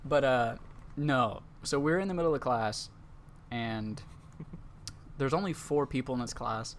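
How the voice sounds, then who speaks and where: A young adult man hosts a laid-back podcast and tells a long anecdote in a loose, rambling way, full of fillers. His pitch sits mid-range for a man. A faint hiss sits under the recording. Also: a little slow. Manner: rambling, filler-heavy storytelling. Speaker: podcast host. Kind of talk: casual storytelling chat.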